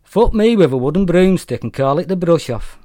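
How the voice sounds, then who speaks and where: A man voicing a jovial drunk middle-aged rogue whose slurred Welsh accent has faded toward Mancunian, loud and matey. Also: a little high, animated, normal speed, dry recording, clean studio sound, voice pushed up, close to an everyday voice. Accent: Welsh fading into Mancunian.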